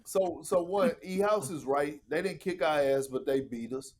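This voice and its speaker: A man guesting on a podcast, telling locker-room stories in a casual, animated and profane way, often acting out what others said. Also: fairly high pitch, moderate pace, slight background noise. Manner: animated, profane, acts out quotes. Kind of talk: casual storytelling.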